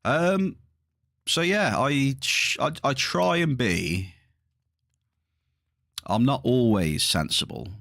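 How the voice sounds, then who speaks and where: A man's voice: mid-range voice, animated, takes it slowly, creaky, long pauses, a bit bright, no room sound, clean studio sound. A middle-aged man chatting casually to viewers during a livestream, rambling, his voice slightly strained. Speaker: livestreaming gamer.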